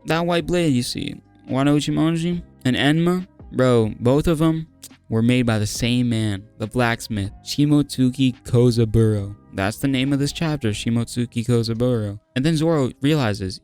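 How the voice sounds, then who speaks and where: A man's voice: mid-range voice, moderate pace, a little mellow, smooth, soft background music. A young man recapping a manga chapter in casual, slang-heavy talk, hyped and laughing often, saying "bro" constantly. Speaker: manga review host.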